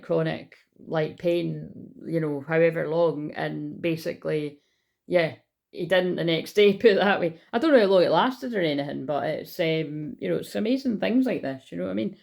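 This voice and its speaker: A woman's voice: low-pitched, gravelly, darkish tone. A woman doing a chatty, rambling card reading as a spiritual healer, with lots of restarts and asides.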